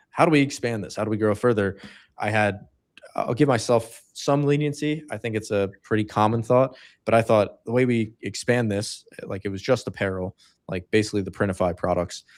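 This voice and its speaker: A man's voice: lowish voice, fairly quick. A man co-hosting a livestream, telling a story in a rambling, casual way with many fillers. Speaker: livestream co-host.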